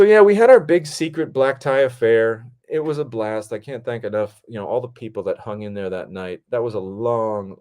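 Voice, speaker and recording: Brief: a male film director on a casual podcast with a lowish voice, swearing freely and excited. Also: clean tone. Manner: animated, profane, enthusiastic. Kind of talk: casual storytelling.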